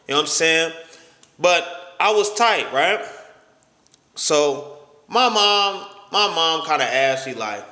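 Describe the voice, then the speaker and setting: Bright-voiced young man telling a story. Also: a little high, animated, takes it slowly, long pauses. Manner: slangy, stammering, acts out quoted voices. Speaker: storytime vlogger. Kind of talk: casual storytelling. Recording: echoey room with long reverb.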